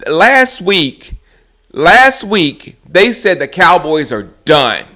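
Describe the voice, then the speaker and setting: A man's voice: fairly high pitch, big pitch swings, very slow, bright, forceful tone. A man hosting his own live stream, ranting about football in a casual, mocking way, often laughing and restarting his sentences. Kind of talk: casual sports rant.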